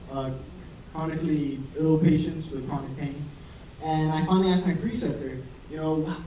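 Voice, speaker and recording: A man's voice: fairly high pitch, a little hiss or hum. A young man, a medical student, doing a rambling, profane stand-up set in front of a live audience. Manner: rambling, profane, self-deprecating storytelling. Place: comedy venue with live audience. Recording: roomy, distant live recording with crowd laughter. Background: audience laughing.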